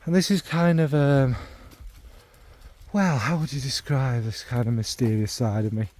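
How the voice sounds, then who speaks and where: This casual spoken monologue comes from a middle-aged fragrance vlogger from England's North Midlands, who rambles, wanders into asides, and fills gaps with ums. He makes fun of himself often, in a warm, mellow voice at an ordinary pitch.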